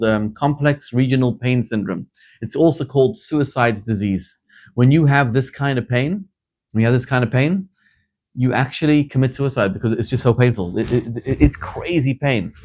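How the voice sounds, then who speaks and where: A man from Zimbabwe, a rabbi, preaching a sermon with animated storytelling that builds to fervent emphasis. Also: mid-range voice.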